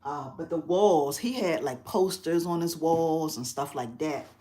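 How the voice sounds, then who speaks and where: Middle-aged lady hosting a craft live on her phone, lowish voice, chatty, laughs a lot. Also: measured pace. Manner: chatty, expressive, laughs often. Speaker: craft channel host. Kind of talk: casual live-stream chat. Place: quiet spare bedroom at home.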